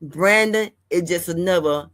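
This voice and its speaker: Woman host, low voice, casual chatty vlog monologue, preachy and heartfelt. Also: a little slow, fairly bright tone. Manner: chatty, rambling, addresses viewers as y'all; heartfelt and preachy, giving life advice. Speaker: host of a gossip and news channel.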